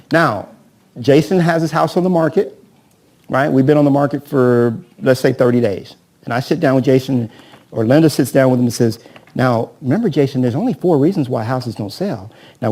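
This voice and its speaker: A man training real estate agents at a live seminar. He talks energetically, keeps asking "right?" and acts out sales scripts with a volunteer from the audience. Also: mid-range voice. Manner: energetic, peppers talk with "right?" and questions to the audience.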